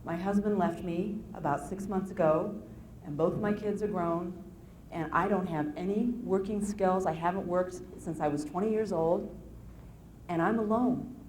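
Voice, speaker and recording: A frightened, lonely middle-aged woman on the phone, as a speaker quotes her, soft and hesitant and close to tears. Her voice is quiet and a little lower than usual. A faint hiss sits behind it. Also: fairly even intonation, normal speed, close to an everyday voice. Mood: tearful.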